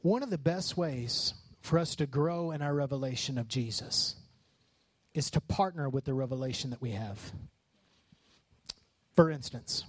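A man preaching a sermon as pastor, passionate and rising to shouts on key lines. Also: mid-range voice, dry recording.

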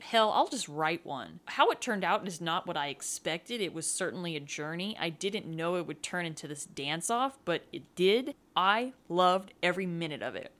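A woman's voice: on the low side, fairly bright tone. A woman narrating her own spooky story, then talking chattily and enthusiastically about writing it. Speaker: podcast storyteller and writer.

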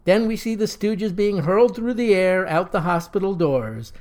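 A narrator reading a slapstick comic story aloud in an even storytelling delivery. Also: mid-range voice, moderate pace, few pauses.

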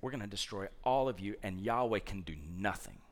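A man voicing a bloodthirsty male enemy envoy who shouts mocking threats in a retold scripture story. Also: on the low side, expressive, fairly quick, slight background noise, pitched below the performer's own voice. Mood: menacing.

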